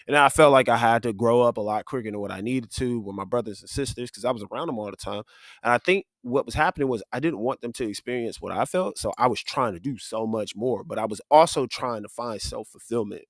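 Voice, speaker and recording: A man's voice: mid-range voice, fast, no echo, studio quality. A man hosting a podcast, giving an earnest, conversational faith-based monologue. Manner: earnest, conversational, with frequent "like" and "you know". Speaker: podcast host.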